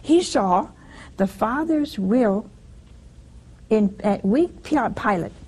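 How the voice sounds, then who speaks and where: A woman's voice: a little high, expressive, slow pace, darkish tone, breathy edge, poor audio. A woman giving a conversational sermon in a homely way, often asking her listeners rhetorical questions. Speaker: preacher.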